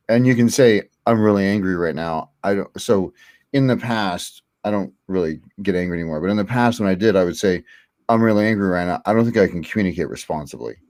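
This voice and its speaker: Middle-aged male host, low voice, candid, rambling delivery, dry close mic. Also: darkish tone, dry recording. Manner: candid, rambling with many fillers. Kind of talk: casual livestream chat.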